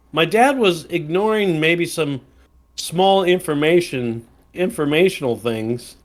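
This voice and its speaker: A man from Wisconsin co-hosting a podcast, telling a rambling anecdote in casual chat with many fillers and restarts. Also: on the high side. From Wisconsin, USA. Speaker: podcast co-host.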